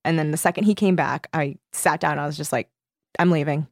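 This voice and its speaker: Young woman, low voice, dry mic, animated chatty storyteller who swears freely. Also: fast, gravelly, no room sound. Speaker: podcast co-host. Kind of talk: casual chat.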